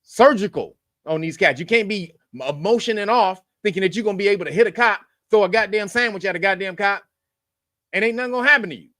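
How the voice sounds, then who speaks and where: A man's voice: high-pitched, fast, pushed and bright, no room sound, clean studio sound. A man hosting a news commentary show, blunt and profane, lecturing his viewers. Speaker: host.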